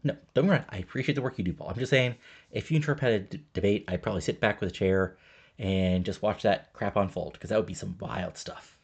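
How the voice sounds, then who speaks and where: Brief: mellow surfer-type wrestler, husky and low, voiced by a man. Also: fast talker. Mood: laid-back. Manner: easygoing, drawling, says man and bro. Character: laid-back surfer-type male wrestler.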